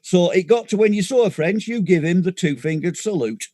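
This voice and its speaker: A man from Lancashire speaks in a broad northern English accent, his voice sitting fairly high for a man. He tells stories with dry understatement in casual podcast chat. The sound is close and dry, with little room echo. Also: lively intonation, brisk, warm tone. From Lancashire, England. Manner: dry storytelling, wry understatement. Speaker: podcast co-host.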